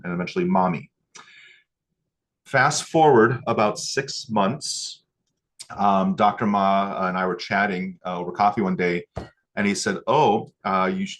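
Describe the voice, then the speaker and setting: A man's voice: fairly low pitch, a bit bright. A man teaching acupuncture, telling a moving story from his training and getting choked up before returning to needling technique. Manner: emotional, choked up at times; pauses with fillers and restarts. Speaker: acupuncture instructor. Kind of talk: teaching a class with a personal story.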